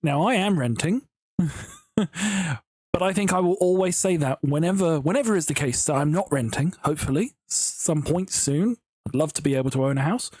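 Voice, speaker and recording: A man's voice: fairly high pitch, normal speed, a little mellow, no echo, studio quality. A man casually chatting and rambling through stories while building in a video game at home. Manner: chatty, rambling, giggly storytelling. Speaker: Minecraft building YouTuber. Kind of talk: casual gameplay commentary.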